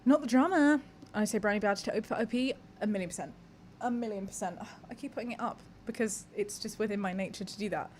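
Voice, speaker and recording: A woman's voice: medium pitch, fast, darkish tone, a little hiss or hum. A young woman hosting a live podcast, chatting candidly with her audience, reading messages aloud and swearing casually. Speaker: podcast host. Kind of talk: casual live-stream chat.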